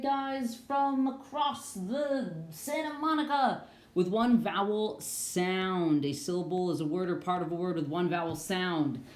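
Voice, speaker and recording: A woman's voice: fairly low pitch, a little mellow, echoey room. A young woman teaching an online reading lesson to children in an upbeat, playful way, singing a few phrases.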